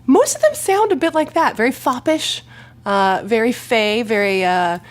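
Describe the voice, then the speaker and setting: Lady playing a card game, kinda high voice, bouncy, jokes a lot. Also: big pitch swings, normal speed. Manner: joking, laughs often. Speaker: guest player.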